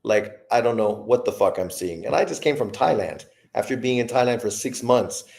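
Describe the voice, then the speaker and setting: Gravelly man in his fifties, swearing freely. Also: medium pitch, lively intonation, normal speed, a little mellow. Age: 50s. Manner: profane, rambling storytelling. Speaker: boxing livestream host. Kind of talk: casual livestream chat.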